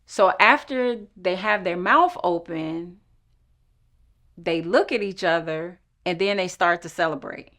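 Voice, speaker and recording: A woman's voice: lowish voice, a little slow, fairly bright tone. A woman telling her own story with intense emotion, acting out the dialogue. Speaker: storyteller recounting her own court case. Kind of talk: personal storytelling.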